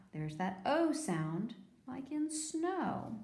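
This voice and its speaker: A woman teacher giving a phonics lesson to young children, sounding out words slowly and patiently. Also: fairly high pitch, sing-song, a little mellow, roomy sound.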